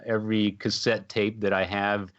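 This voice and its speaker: A middle-aged man with a fairly low voice, telling stories in an easygoing, chatty way as a podcast co-host. The sound is dull and dry, like a lo-fi recording. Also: normal speed, no room sound. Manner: relaxed storyteller who laughs often. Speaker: podcast co-host and music interviewer. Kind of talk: casual chat.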